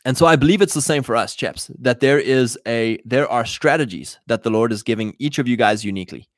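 A man's voice: mid-range voice, brisk, dry recording, clean studio sound. A man hosting a casual, preaching talk to other men, blunt and exhorting, retelling old stories in everyday slang. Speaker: podcast host addressing men.

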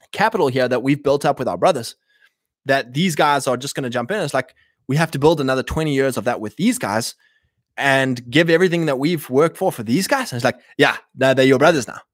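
A man's voice: medium pitch, dry recording. Rambling man, dry close sound. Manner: rambling, repeats himself, many fillers. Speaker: livestream host. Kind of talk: casual livestream commentary.

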